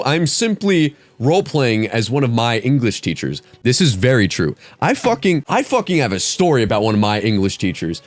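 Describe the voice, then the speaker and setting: A young man mock-grading an essay in a profane, theatrical comedic rant, his voice jumping very high when excited. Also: moderate pace, hardly any pauses, no room sound. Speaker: comedy YouTuber.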